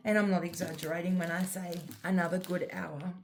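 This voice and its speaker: A middle-aged Australian woman chats casually as a crafting vlogger, talking in a rather low voice. She rambles through her story with plenty of fillers. A faint hiss with small clicks sits under the recording. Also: a little fast, hardly any pauses, a little mellow. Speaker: diamond art vlogger. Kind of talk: casual chat while crafting.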